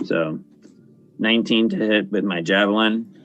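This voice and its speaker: A man's voice: lowish voice, unhurried, a bit bright, dull audio. A man playing a tabletop game, matter-of-fact with dry humor. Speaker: player.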